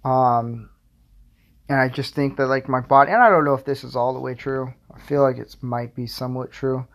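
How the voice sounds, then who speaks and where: A man's voice: medium pitch, fairly even intonation, normal speed. A young man hosting his own podcast, rambling casually with lots of fillers and self-deprecating asides. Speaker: podcast host.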